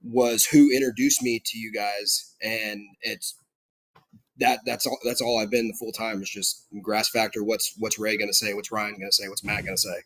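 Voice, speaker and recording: A man's voice: lowish voice, little pitch movement, moderate pace, fairly bright tone, no echo, low-quality recording. Chatty man with a South Georgia accent. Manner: friendly, chatty, laughs between phrases, many fillers. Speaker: guest, lawn care consultant. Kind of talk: casual podcast chat.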